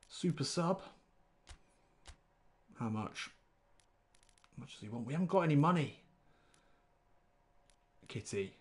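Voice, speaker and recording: A man's voice: mid-range voice, a little mellow. A man, rambling chattily through live gameplay commentary while greeting chat viewers. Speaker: game streamer.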